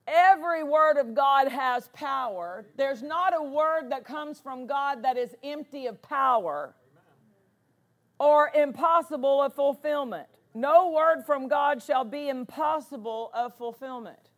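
A woman's voice: high voice, animated, measured pace. A woman pastor preaching a sermon, driving points home by repeating words for emphasis.

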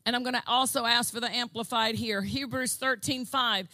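A woman preaching a fervent sermon, repeating phrases and building to shouted declarations. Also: on the high side, fairly even intonation, normal speed, no room sound. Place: church service.

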